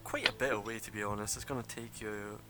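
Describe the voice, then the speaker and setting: A man's voice: lowish voice, steady tone, quick pace, over music. A man running a tabletop game as game master, narrating loosely with lots of fillers and laughs. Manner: rambling, laughing, many fillers.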